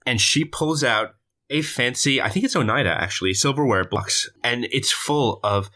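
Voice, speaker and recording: A man's voice: medium pitch, moderate pace, bright, forceful tone. A man co-hosting a podcast, recapping a movie in casual chat and acting out lines with funny voices. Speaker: podcast co-host.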